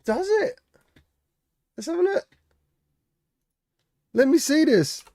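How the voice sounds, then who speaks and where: A man's voice: extremely high pitch, very animated, slow, dark tone, dry recording, studio quality. A man hosting a casual live-stream chat, greeting viewers by name and answering their comments. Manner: chatty, reads out viewer comments and greets them. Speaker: streamer host.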